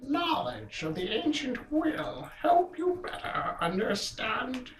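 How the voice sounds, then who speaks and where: Old seer woman, played by a woman, solemn and portentous, slow high delivery, roomy sound. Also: sing-song, heavily acted. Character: old female fortune-teller reading cards, solemn.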